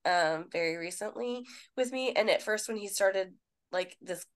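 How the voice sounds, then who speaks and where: A woman's voice: mid-range voice, moderate pace. A woman, a nurse co-hosting a podcast, telling stories in casual chat, quoting people and swearing freely. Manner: animated storyteller, quotes people, swears casually.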